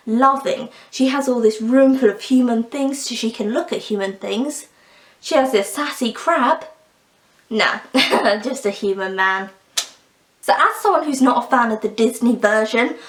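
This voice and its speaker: A young woman talks through a fairy tale and its film, opinionated and quick with sarcastic asides. Her voice sits fairly high. The room around her sounds roomy and echoey. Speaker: book and film reviewer. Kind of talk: casual chat. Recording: roomy echo.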